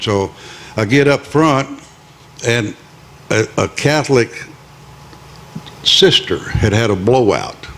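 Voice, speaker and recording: A man's voice: mid-range voice, unhurried, long pauses, fairly bright tone. A man on a small club stage telling a rambling, folksy joke and teasing the audience. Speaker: club performer, singer and joke teller. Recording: live with guitar playing.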